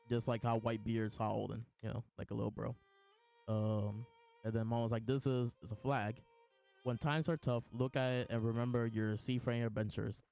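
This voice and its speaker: This is a male host reacting live to a comic chapter in a relaxed chat, breaking up his reading with laughter and restarts. He speaks with a mellow, medium-pitched voice.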